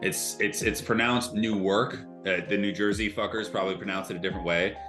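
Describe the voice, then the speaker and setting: A man's voice: fairly low pitch, steady tone, fast, music in the background. A man co-hosting a podcast in casual chat, chiming in with side stories and swearing. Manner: chimes in with asides, profane. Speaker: podcast co-host.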